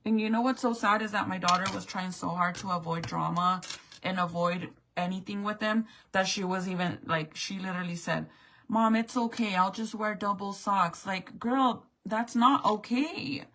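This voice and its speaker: A woman's voice: mid-range voice, normal speed, fairly bright tone, poor audio. A middle-aged woman venting to her viewers in a profane, exasperated rant. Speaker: vlogger. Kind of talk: angry rant to camera.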